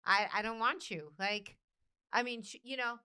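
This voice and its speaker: A woman's voice: a little high, moderate pace, pushed and bright, smooth. A woman co-hosting a casual talk show, blunt and matter-of-fact, now and then swearing. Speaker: co-host. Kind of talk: casual chat.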